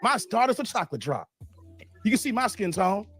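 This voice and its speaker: A man's voice: sits high, sing-song, fairly quick, fairly bright tone, husky, no echo, soft background music. A married man with a daughter, lecturing emphatically in a heated panel debate.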